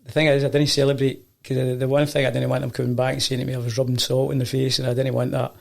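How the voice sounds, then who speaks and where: A man's voice: mid-range voice, level tone, very fast, creaky, a little mellow. A Scottish man and football coach telling stories in a casual chat, acting out the voices of the people he quotes. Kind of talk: casual storytelling.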